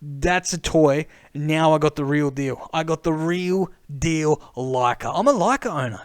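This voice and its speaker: A young man rambling excitedly to camera, repeating himself as he thinks aloud. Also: on the high side, unhurried, few pauses, smooth, no room sound, studio quality. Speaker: camera vlogger. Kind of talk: casual rambling monologue.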